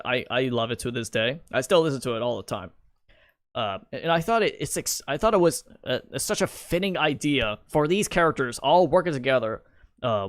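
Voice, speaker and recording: Young male streamer, rambling, restarting often, mid pitch, dry sound. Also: fairly bright tone, no echo. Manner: stammering, restarts a lot, rambling. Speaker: streamer and video creator. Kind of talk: casual live-stream commentary.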